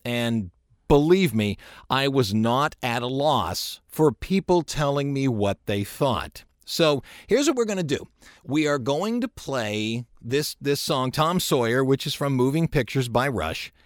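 A man's voice: mid-range voice, expressive, a little slow, no room sound. Man, radio host, casual joking talk, self-deprecating, close studio mic, dry sound. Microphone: close studio microphone.

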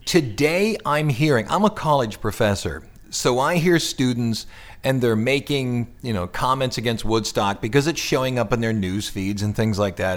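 Animated male radio host. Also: medium pitch, normal speed. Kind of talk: radio interview.

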